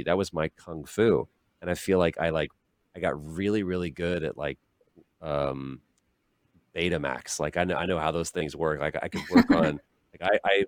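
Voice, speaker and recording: A man's voice: low voice, dry recording. A man, a guest on a podcast, rambling and joking in casual chat with many restarts.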